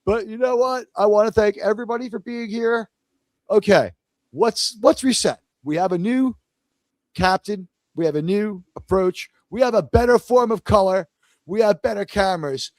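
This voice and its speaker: A man in his fifties hosting a casual live stream, excitable and rambling as he greets viewers one by one. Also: sits high, normal speed, no echo.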